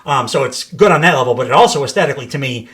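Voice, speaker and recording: A man's voice: medium pitch, animated, very fast, a bit bright. A man hosting a casual wrestling podcast, rambling with lots of fillers, laughing often and swearing casually. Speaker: podcast host.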